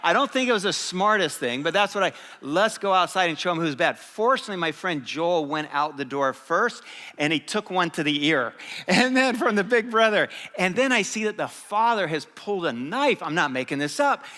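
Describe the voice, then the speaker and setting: Bright-voiced man preaching in a reverberant hall. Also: high-pitched, normal speed. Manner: animated, lively storytelling with laughter. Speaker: pastor. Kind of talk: sermon with personal storytelling. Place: church.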